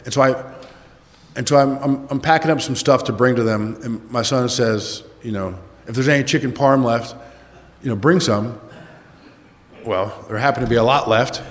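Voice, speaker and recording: An older man telling a rambling, self-mocking story to a recovery meeting, with many fillers. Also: mid-range voice. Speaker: recovery speaker. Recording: echoey hall.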